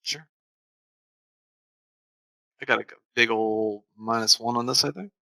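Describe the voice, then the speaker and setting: A man's voice: mid-range voice, steady tone, unhurried, creaky, pushed and bright, rough recording. A man playing a tabletop game, thinking aloud hesitantly with ums and uhs. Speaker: player.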